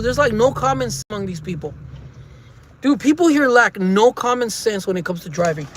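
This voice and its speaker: Frustrated in traffic, this driver talks a little fast in a high, animated voice, rambling to his viewers as "guys" for a casual vlog. His phone sits on a dash mount, picking up the car's faint road hum.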